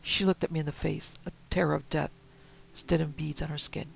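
Male storyteller, gravelly, pitched a touch high; measured, quiet reading. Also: steady tone, rough recording. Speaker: narrator. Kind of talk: reading a Victorian story aloud.

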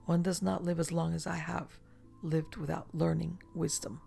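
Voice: mid-range voice, little pitch movement, normal speed, creaky, dark tone. A storyteller voicing a woman over a century old who speaks in a detached, languid, world-weary way, with faint music behind. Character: weary ageless woman, emotionless.

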